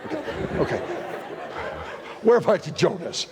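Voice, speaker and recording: A man's voice: high voice, wildly swooping pitch, moderate pace, a little mellow, a faint crowd. A man preaching as a guest speaker to a live church audience, playful and full of puns, acting out voices as he teaches. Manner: playful, punning, acts out voices. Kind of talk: sermon teaching. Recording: long reverb of a church hall.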